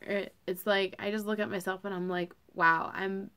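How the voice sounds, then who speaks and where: A woman's voice: mid-range voice, level tone, fairly quick, clean tone. A young woman talking casually to camera as a vlogger, chatty and full of fillers.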